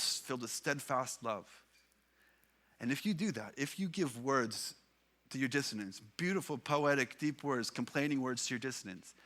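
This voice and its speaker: A male pastor with a Canadian English accent delivers a sermon in a bright, forceful voice. He speaks earnestly and gives weight to the scripture he quotes. His pitch sits in a middle register for a man. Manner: earnest preaching, reads psalms aloud with emphasis.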